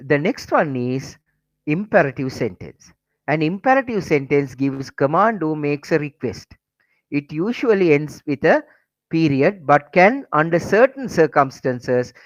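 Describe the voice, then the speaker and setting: A man's voice: a little high, no echo, lo-fi sound. A man teaching an online English class, switching between Sinhala and English and repeating key phrases. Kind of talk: online lesson.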